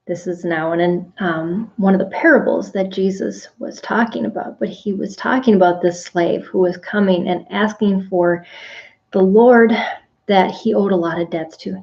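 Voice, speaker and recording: A woman teaching a devotional Bible study in an earnest, reflective way, pausing often to think. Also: medium pitch, darkish tone, muffled recording. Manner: earnest and reflective, with thoughtful pauses and fillers. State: briefly emotional.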